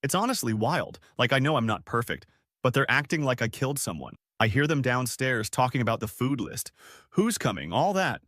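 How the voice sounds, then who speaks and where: A man's voice: mid-range voice, big pitch swings, brisk, fairly bright tone, no room sound, clean studio sound. A man in his twenties narrating his own story in a casual, slangy first-person style. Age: 20s. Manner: casual, slangy, spelled-out abbreviations.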